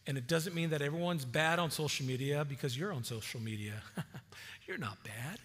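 A man preaching a sermon as a pastor, conversational and animated, often repeating words as he starts a phrase. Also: mid-range voice, in a large hall.

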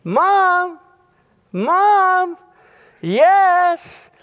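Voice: very high-pitched, sing-song, very slow, long reverb tail, lo-fi sound, pitched above the performer's own voice, heavily acted. Preacher putting on a whiny little boy. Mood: pleading. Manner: whiny, repetitive calling out. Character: small boy pestering for water at bedtime.

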